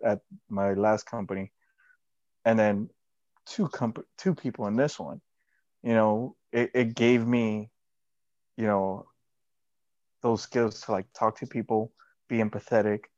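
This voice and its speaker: A man's voice: lowish voice, a little mellow, dry recording. Rambling man, dry, slightly dull sound. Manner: rambling, casual, heavy slang and swearing. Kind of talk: casual chat.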